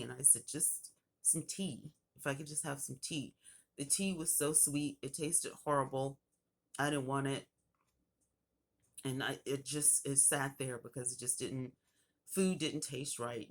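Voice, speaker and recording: A young woman vlogger recounting a personal story in a casual, animated way, acting out the people in it. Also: very deep voice. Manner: animated retelling with acted quotes.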